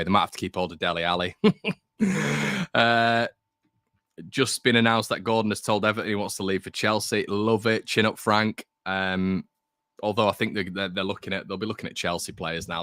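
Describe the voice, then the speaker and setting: Young male stream host, low and bright voice, dry close sound, casual and opinionated. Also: no echo. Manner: chatty, reads out viewer comments, opinionated. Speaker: fan channel host. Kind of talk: casual live-stream chat.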